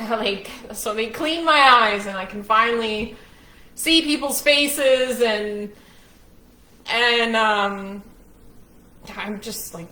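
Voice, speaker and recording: A frank woman recounts her own experience in a slow, unhurried way, her tone bright and a bit sharp. She speaks candidly and unashamedly. The room around her rings with a roomy echo. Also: a little high. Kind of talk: personal storytelling to camera.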